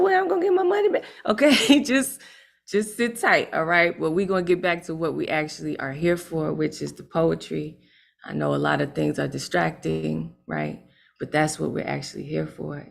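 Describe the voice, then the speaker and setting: A woman's voice: deep voice, gravelly. A woman hosting an online open mic over a video call, talking in emphatic, streetwise banter with lots of tag questions.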